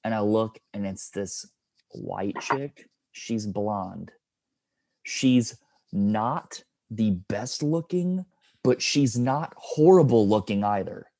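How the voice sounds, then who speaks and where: Laid-back lower-voiced male podcast host. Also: expressive, takes it slowly, vocal fry, mellow, no echo. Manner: easygoing, loose storyteller with many fillers. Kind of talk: casual podcast chat.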